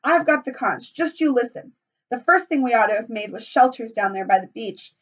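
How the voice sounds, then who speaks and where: Woman voicing an indignant chubby schoolboy, whiny, pleading, raised pitch, dull recording. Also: normal speed. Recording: muffled, from a distance.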